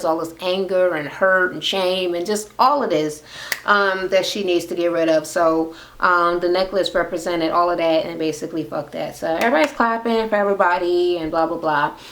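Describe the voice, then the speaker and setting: A woman casually recapping a reality TV episode in a blunt, sarcastic, swear-filled rant. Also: on the low side. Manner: blunt, sarcastic, heavy swearing, animated retelling. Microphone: camera mic.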